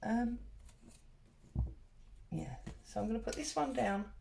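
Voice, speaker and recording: A woman's voice: on the high side, expressive, slow, gravelly, a little mellow, slight background noise. A middle-aged woman, chatting and telling a rambling story while she does paper crafts at home. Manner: chatty, rambling, wanders off and back to her story. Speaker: craft vlogger.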